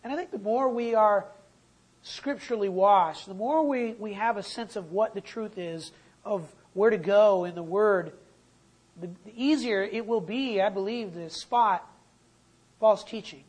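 In a church, a preacher delivers a sermon at an ordinary mid-range pitch. He speaks emphatically and without hurry, drawing out and repeating key phrases so they sink in. His voice is slightly mellow, and the recording quality is poor.

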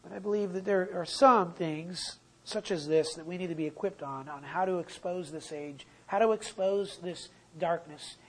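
A preacher giving a sermon in a church, pitched in an ordinary middle range. The delivery is emphatic, stretching out and repeating the key phrases so they land. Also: a little mellow, low-quality recording.

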